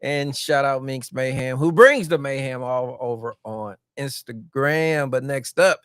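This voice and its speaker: A man hosting a casual wrestling podcast, laid-back, giving shout-outs and moving through segments. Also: mid-range voice, unhurried, clean tone, dry recording, clean studio sound. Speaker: podcast host.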